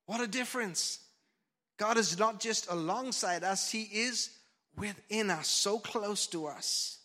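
A man preaching a lively sermon as pastor, swinging from loud shouts to soft whispers into a handheld mic in a church. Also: high voice, slow pace. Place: church hall.

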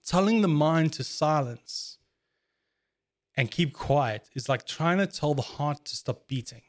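A man's voice: fairly high pitch, animated, measured pace. A man chatting casually in an earnest, reflective way, telling stories about handling his own emotions. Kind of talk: casual chat.

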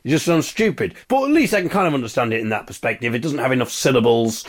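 A man hosting a podcast delivers a comic monologue in a tone of exasperated, wry ranting. His voice sits in a middling pitch. It swings widely as he argues his point. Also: lively intonation, quick pace. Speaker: podcast host.

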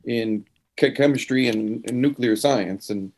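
A man at a tabletop game, laying out a plan in halting talk with frequent restarts. His voice sits at an ordinary pitch. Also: gravelly, a little mellow. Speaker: player. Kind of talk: tabletop role-play, in and out of character.

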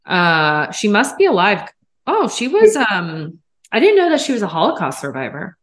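A woman co-hosting a podcast conversation, relaxed and joking. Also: medium pitch, moderate pace. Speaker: podcast co-host. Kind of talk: casual conversation.

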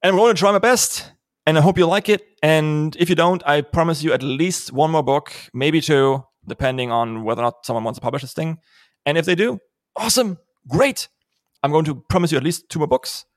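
A man's voice: on the high side, fairly quick, no room sound, clean studio sound. A man hosting a podcast and talking about his own writing in a casual, joking way, swearing now and then. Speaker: podcast host and author.

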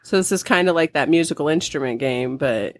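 A woman's voice: deep voice, fairly quick. A woman co-hosting a podcast, giggly and hesitant in casual chat. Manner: giggly, hesitant, laughs often. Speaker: podcast co-host.

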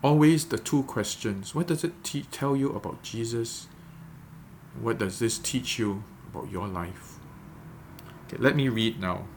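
A man leading a devotional guided meditation, gently coaching listeners step by step before reading scripture. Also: medium pitch, unhurried, a little hiss or hum. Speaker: devotional leader.

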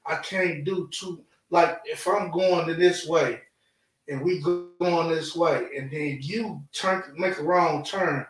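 A man co-hosts a live show and talks about relationships in a blunt, rambling way. His voice sits a little high for a man. It is heard from a distance in an echoing room. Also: fairly even intonation, slow. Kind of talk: casual chat about relationships. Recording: roomy sound, mic at a distance.

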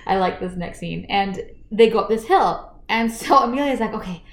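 A woman's voice: medium pitch, lively intonation, moderate pace, reverberant. Woman animatedly retelling a story. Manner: retells the plot animatedly, acting out the characters' lines. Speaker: podcast co-host recapping a book. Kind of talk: casual chat.

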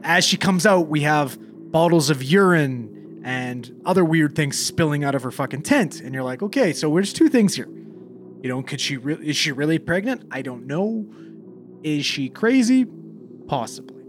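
A man's voice: on the high side, very animated, normal speed, slight background noise. A young man, a paramedic, casually telling a call story, swearing freely and acting out the dialogue.

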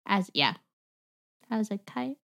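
A woman from the American South co-hosting a podcast, chatting casually in a playful, jokey, animated way. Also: mid-range voice, slow pace, creaky. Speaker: podcast co-host. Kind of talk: casual chat.

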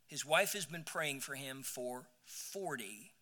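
A man's voice: mid-range voice, expressive, slow, bright, forceful tone. A man preaching a sermon, telling a story with many repeated words and rising to emphatic peaks. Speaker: pastor. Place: church sanctuary. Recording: church hall with long reverb.

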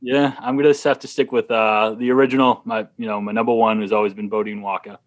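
A man's voice: on the low side, flat delivery, fast. A man with a slight Boston accent chatting casually as a podcast guest, laughing through his stories. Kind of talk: casual chat.

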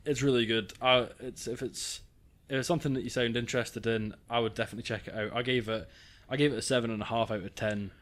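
Male podcast co-host, mid-pitched voice, earnest casual film talk. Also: steady tone, fast, a bit bright. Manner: earnest, repeats himself. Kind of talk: casual film review chat.

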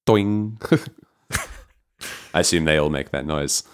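A man's voice: very deep voice, fairly even intonation, takes it slowly, fairly bright tone, smooth. A man co-hosting a podcast in casual chat, playful and teasing, laughing often. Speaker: podcast co-host.

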